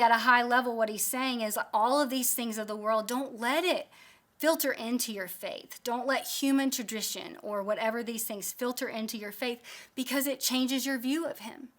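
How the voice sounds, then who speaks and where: A woman's voice: fairly high pitch, moderate pace, fairly bright tone. A woman in her thirties teaching a Bible study, telling a candid, self-deprecating story from family life.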